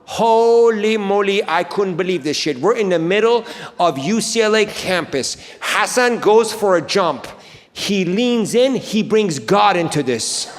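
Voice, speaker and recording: A man from Iran performing a stand-up comedy routine with loud, animated storytelling on stage before a live audience. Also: sits high, a little slow. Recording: reverberant live venue with crowd noise.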